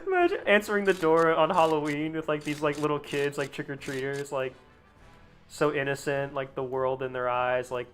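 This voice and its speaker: A man's voice: on the high side, normal speed, fairly bright tone, faint music behind. A young man chatting casually on a live game stream, rambling, swearing freely and laughing at his own jokes.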